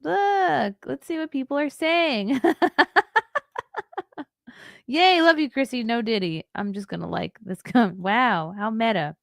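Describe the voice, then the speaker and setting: Hosting a casual livestream, this thirtysomething woman reads the news aloud and answers chat messages with dry, chatty humor, laughing and ad-libbing along the way. She seems tired and yawns, speaking slowly with a slightly high voice, vocal fry, and long pauses, all in clean, dry studio sound.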